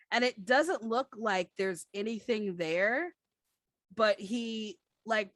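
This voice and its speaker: A woman narrating a tabletop role-playing game as game master, chatty and unhurried, with lots of fillers. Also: mid-range voice, a bit bright, no room sound.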